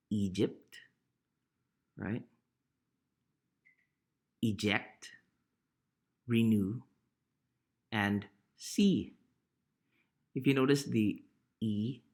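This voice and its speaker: A man, teaching vowel sounds in a casual, unhurried way and often asking "right?". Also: on the low side, darkish tone. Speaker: language teacher. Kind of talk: casual pronunciation lesson.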